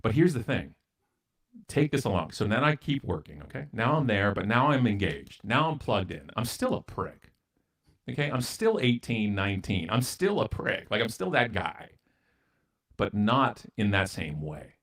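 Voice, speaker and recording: A man's voice: lowish voice, very animated, normal speed, a bit bright. A man from Canada, a guest speaker, telling a story in an interview in a blunt, self-mocking way and acting out both sides of the dialogue.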